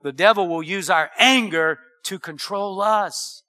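A middle-aged man delivers a sermon in a high, ringing voice with a very bright, forceful edge. He is animated, calls the congregation for amens, and laughs at his own jokes. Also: a little slow. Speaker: pastor.

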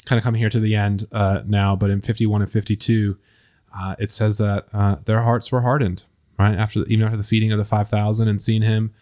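A man hosting a casual Bible study podcast, talking in a hesitant way with many pauses and fillers. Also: fairly low pitch, level tone, a little mellow. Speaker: podcast host leading discussion.

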